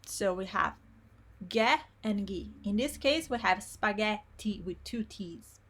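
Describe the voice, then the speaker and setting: Slow-speaking woman teacher. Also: mid-range voice, expressive, fairly bright tone. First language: Italian. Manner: explains slowly, repeats words syllable by syllable. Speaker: Italian teacher. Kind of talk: live online pronunciation lesson.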